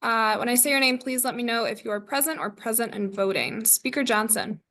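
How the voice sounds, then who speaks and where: A woman chairing a student government meeting, reading the agenda and roll call in a brisk, scripted way. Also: on the high side, a bit bright.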